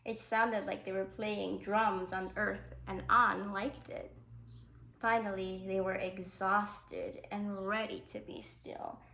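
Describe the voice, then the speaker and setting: A woman teacher reading a picture book aloud to children, with gentle asides explaining the story. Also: medium pitch, flat delivery, takes it slowly, vocal fry. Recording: echoey room.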